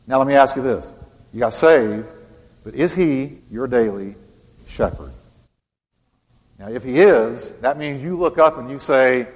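A male pastor preaching a sermon with dramatic emphasis, repeating phrases and slowing down on key words. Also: mid-range voice, in a large hall. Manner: dramatic preaching with emphatic repetition and slowed punch lines.

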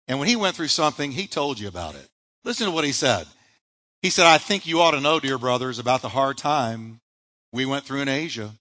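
A man preaches a sermon as pastor in live church audio, his voice medium-pitched, bright, and forceful. He builds with emphatic repeated refrains and rising bursts.

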